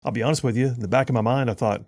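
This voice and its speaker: A male talk radio host with a gravelly voice at a middling pitch. He delivers an opinionated monologue in an animated, sarcastic way, often repeating himself as he builds a point. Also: rapid-fire.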